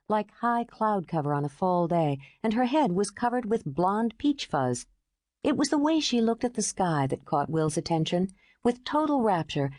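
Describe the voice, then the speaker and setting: A woman narrating an audiobook in smooth, expressive storytelling. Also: medium pitch, no echo, studio quality.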